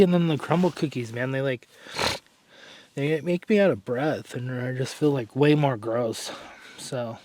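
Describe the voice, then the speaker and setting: A man's voice: mid-range voice, a little mellow. Breathless rambling man vlogging. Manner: rambling, self-correcting, sighs and clears throat. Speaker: fitness vlogger. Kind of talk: casual vlog talk.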